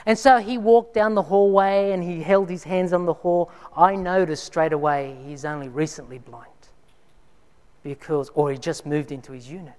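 A man's voice: sits high, measured pace. Man preaching in a reverberant hall. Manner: dramatic, drops to near whispers for emphasis. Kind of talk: sermon with personal storytelling.

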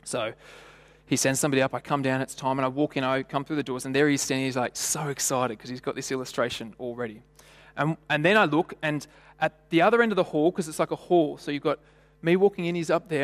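A man preaching a sermon in a church, chatty and storytelling, tossing rhetorical questions at the congregation. His voice sits slightly high for a man. Long reverb trails each phrase.

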